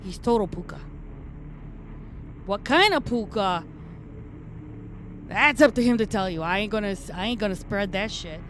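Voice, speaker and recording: A woman's voice: mid-range voice, moderate pace, long pauses, fairly bright tone, a little hiss or hum, lightly acted. Woman voicing a profane, tough-talking redcap fae. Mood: gruff banter. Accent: New York. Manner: profane, rambling, streetwise tough talk. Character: brash foul-mouthed fae redcap, tough mechanic. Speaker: streamer in character. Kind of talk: in-character chat on a live stream.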